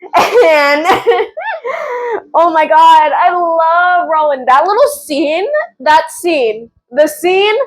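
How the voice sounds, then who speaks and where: A woman giving casual, excitable reading updates as a book vlogger, gushing and often giggling. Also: extremely high pitch, slow pace, a little hiss or hum, poor audio.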